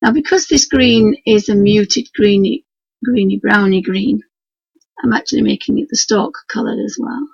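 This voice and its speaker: A woman with a Yorkshire accent and a hoarse, croaky voice chats in a homely, rambling way while she demonstrates painting on a live stream from her desk at home. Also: mid-range voice, normal speed, a little mellow, no room sound. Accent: Yorkshire English. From Yorkshire, England. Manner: homely, rambling, talks to her dog and viewers. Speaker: craft tutor streaming live. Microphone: computer mic for a live stream. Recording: dull lo-fi live stream audio.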